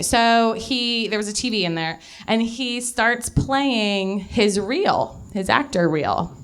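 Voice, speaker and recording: A woman's voice: on the high side, lively intonation, unhurried, clean tone. A young woman doing live stand-up, telling a rambling, self-mocking story full of swearing and laughter, a little out of breath. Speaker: stand-up comedian. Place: live comedy venue.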